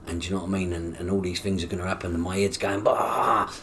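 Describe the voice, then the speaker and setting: Deep-voiced man telling his story. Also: very fast, slight background noise. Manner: animated, acts out quoted dialogue with coarse swearing. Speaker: guest. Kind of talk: personal storytelling in an interview.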